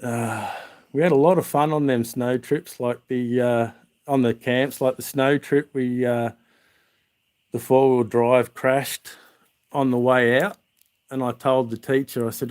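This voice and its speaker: An Australian man speaks casually to his viewers from outdoors. He tells long, rambling stories full of fillers and restarts, at an everyday middle pitch. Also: steady tone, a little slow, darkish tone, smooth. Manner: rambling, chatty, with many restarts and "uh". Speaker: vlogger.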